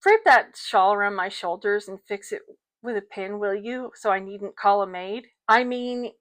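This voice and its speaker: A woman's voice: mid-range voice, measured pace, a bit bright, natural voice. A woman reading as a haughty, resentful sister. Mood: aggrieved. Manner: imperious, aggrieved.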